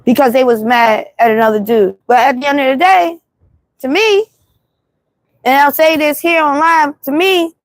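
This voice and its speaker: A woman's voice: high voice, normal speed, no room sound. A woman with a New York accent hosting a casual livestream monologue, talking bluntly and repeating herself as she tells stories. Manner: animated, blunt, repetitive storytelling. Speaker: livestream host. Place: city street at night.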